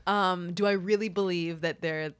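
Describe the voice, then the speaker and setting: Brief: woman co-host, lowish voice, loose and profane, quick to laugh. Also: fairly even intonation, clear, resonant tone. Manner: rambling, profane and laughing easily. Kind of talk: casual chat.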